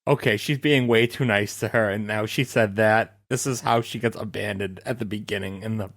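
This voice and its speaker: A man's voice: lowish voice, steady tone, brisk, gravelly, a bit bright. A man co-hosting a podcast in casual chat, making dry, matter-of-fact jokes. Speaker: podcast co-host.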